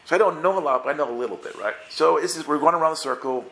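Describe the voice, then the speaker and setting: A male pastor preaching a sermon, telling a personal story in a lively way, acting out the dialogue and often restarting his sentences. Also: fairly high pitch, fast, creaky, reverberant.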